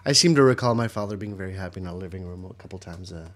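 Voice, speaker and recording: A middle-aged man co-hosting a podcast, telling stories in a relaxed way and chuckling. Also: low-pitched, very fast. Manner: laid-back storyteller, chuckles often. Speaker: podcast co-host. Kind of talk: casual live podcast banter.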